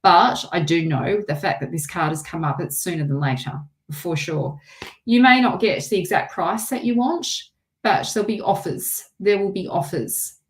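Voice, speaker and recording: A woman's voice: on the low side, lively intonation, normal speed. A woman with an Australian accent giving a live tarot reading, chatty and rambling, with lots of restarts. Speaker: tarot reader.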